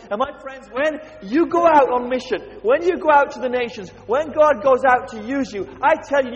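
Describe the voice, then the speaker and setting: A man's voice: very high voice, in a large hall. A man preaching a sermon, emphatic and constantly asking his congregation questions.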